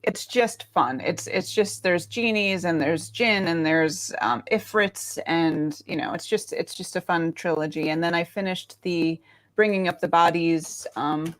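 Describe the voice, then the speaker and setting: A woman's voice: lowish voice, a little slow. Chatty American woman, rambling. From United States. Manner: chatty, rambling, many fillers. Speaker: guest. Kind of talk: casual video chat.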